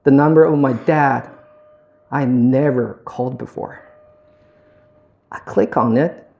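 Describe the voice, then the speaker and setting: A man in his thirties telling a personal story as a speech, slow and heartfelt, acting out the dialogue. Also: mid-range voice, gravelly, phone-quality sound. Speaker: public speaker.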